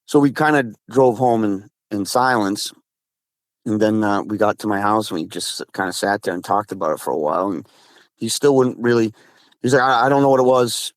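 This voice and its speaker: A man's voice: fairly low pitch, moderate pace, dry recording. A man from Massachusetts casually recounting a frightening encounter, rambling with restarts and acting out both sides of conversations. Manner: rambling, restarts, quotes friend in dialogue. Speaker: guest telling an encounter. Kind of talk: casual storytelling.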